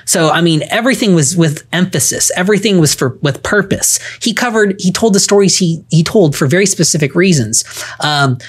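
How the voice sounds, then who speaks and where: Man, podcast co-host, animated and easily laughing, walks through points in order. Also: high voice, a little fast, husky. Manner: animated, laughs often, reviews points one by one. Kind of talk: casual podcast chat.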